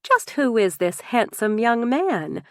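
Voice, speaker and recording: A woman's voice: a little high, very animated, slow, no room sound, clean studio sound, pitched above the performer's own voice, heavily acted. A woman voicing a gracious, friendly society hostess in an audiobook, effusive and welcoming.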